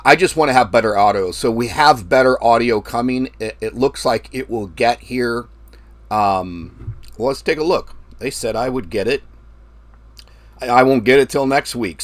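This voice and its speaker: A man hosting a forex trading livestream while traveling, in a loose, rambling way with the odd casual curse. He projects his voice into a mic held right at his mouth, at a middling pitch. The sound is dry, with no room echo. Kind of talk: casual live-stream talk. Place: traveling, recording himself. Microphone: mic held very close to mouth.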